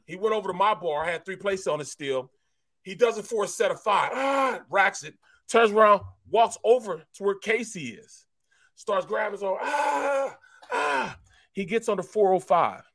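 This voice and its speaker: A man co-hosting a sports talk show, a former player telling animated locker-room stories in casual chat. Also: high-pitched, brisk. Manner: animated storyteller, acts out voices. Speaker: co-host, former NFL player. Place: podcast studio.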